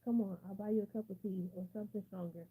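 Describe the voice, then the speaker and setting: A woman reading the part of a kind mother who speaks gently and reassuringly. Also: mid-range voice, steady tone, fast talker, slightly rough, natural voice, rough recording. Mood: concerned. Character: kind, caring mother and podcast host.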